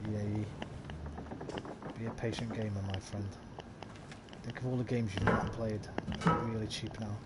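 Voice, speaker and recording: A man's voice: lowish voice, heavy background noise. Chatty man streaming a game. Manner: chatty, rambling, with fillers. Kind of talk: casual live-stream commentary.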